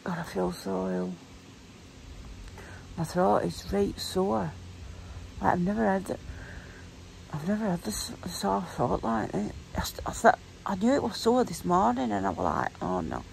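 A woman in her forties vlogging casually at home, croaky from a sore throat and tearful, rambling with lots of fillers. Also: mid-range voice, fairly even intonation, measured pace, a little mellow, slight background noise, poor audio. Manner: rambling, chatty, filler-heavy. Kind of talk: casual vlog chat.

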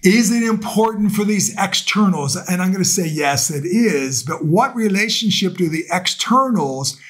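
A man's voice: sits high, animated, normal speed, a bit bright, breathy edge. A man, a priest, preaching a sermon to camera in a conversational, earnest way, asking rhetorical questions.

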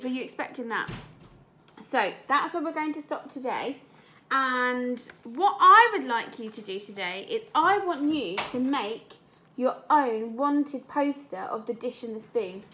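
A woman teacher with an English accent reads a storybook aloud to young children, pausing to explain words and ask them questions. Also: high voice. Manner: slow, gentle and explanatory, asking the children questions. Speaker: primary school teacher.

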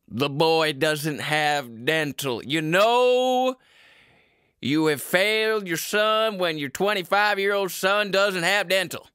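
A man's voice: on the high side, sharp tone, clean tone, no echo, studio quality, exaggerated voice. A man voicing a stern old-fashioned father who scolds bluntly with folksy rural phrasing. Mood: gruff.

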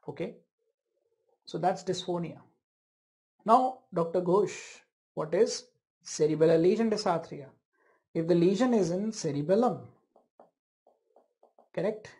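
A woman's voice: on the low side, a little slow, long pauses, warm tone. A woman with an Indian English accent giving an online medical class, questioning students and imitating patients' speech to demonstrate it. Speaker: medical lecturer. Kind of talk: online interactive class lecture.

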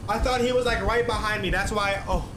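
A man's voice: sits high, steady tone, fairly quick, background noise. A young man commentating a horror game let's play, talking to the game characters and yelping and swearing when he gets startled. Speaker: gaming YouTuber. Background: game music.

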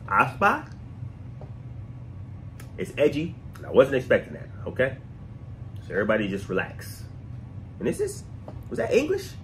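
A man's voice: medium pitch, huge pitch swings, normal speed, pauses often, a bit bright, a little hiss or hum, poor audio. A man hosting a music reaction channel, joking and talking straight to his viewers in a casual, playful way.

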